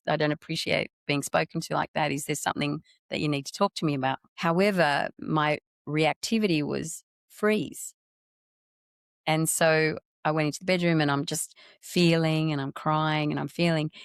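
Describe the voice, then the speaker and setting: A middle-aged woman with a notably low voice shares a personal story as a podcast guest. She talks earnestly and expressively, breaking off and restarting her thoughts. The recording is dry and close, with no room sound. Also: no echo. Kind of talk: reflective personal storytelling in conversation.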